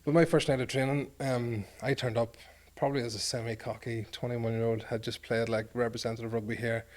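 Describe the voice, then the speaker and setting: Telling stories in an interview, this Northern Irish man in his forties, formerly a rugby player, makes fun of himself and acts out the exchanges he describes. His mid-range voice is level and darkish, and he speaks a little fast.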